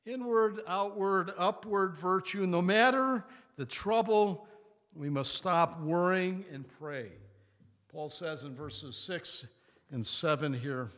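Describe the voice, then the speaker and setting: A man preaching a sermon in an animated way. He repeats key words for emphasis and chuckles often. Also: sits high, takes it slowly. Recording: long reverb of a large hall.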